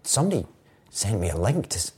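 A man from Scotland being interviewed as a guest, wry and amused, often halting and restarting. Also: fairly low pitch, very animated, a little mellow, slightly rough. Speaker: actor guest. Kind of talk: casual interview chat.

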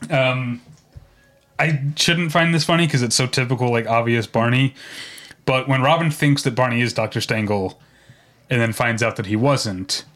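A man's voice: mid-range voice, moderate pace, fairly bright tone, soft background music. A man co-hosting a podcast, chatting casually with lots of fillers and laughs. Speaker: podcast co-host.

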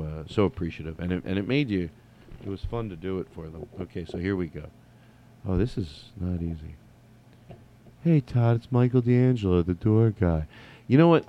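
A man's voice: low-pitched, darkish tone. A man telling a story casually as a comedian host, rambling with many restarts and some swearing. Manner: rambling, profane, lots of restarts.

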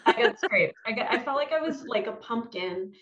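A woman's voice: on the high side, lively intonation, moderate pace, a loud crowd. A woman chatting casually, telling her story with fillers. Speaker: guest mom. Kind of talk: casual chat. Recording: roomy, dull-sounding audio.

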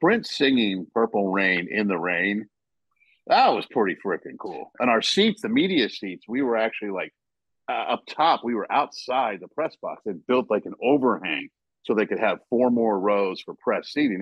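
A man on a casual podcast, telling stories with animated, loud acted-out quotes. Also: fairly low pitch, moderate pace, slightly rough, dry recording, muffled recording. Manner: animated storyteller, acts out quotes loudly. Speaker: podcast guest, basketball writer.

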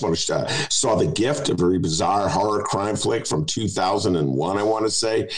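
A man's voice: fairly low pitch, rough recording. A man hosting a casual talk show from his apartment, wry, chatty and opinionated. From Chicago. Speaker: podcast host. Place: home apartment.

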